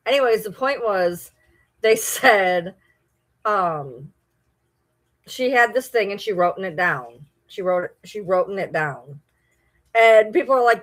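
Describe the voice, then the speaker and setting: A woman's voice: medium pitch, expressive, slow, pauses often. Chatty woman with a Michigan accent. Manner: chatty, rambling, reads and answers viewer comments. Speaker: livestream host. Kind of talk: casual livestream chat.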